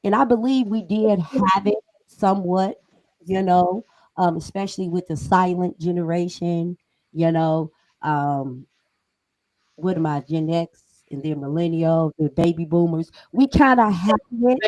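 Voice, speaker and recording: A woman's voice: fairly low pitch, fairly even intonation, a little slow, a little mellow, no echo, rough recording. A middle-aged woman co-hosting a podcast discussion, talking emphatically and conversationally with frequent laughs. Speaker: podcast co-host.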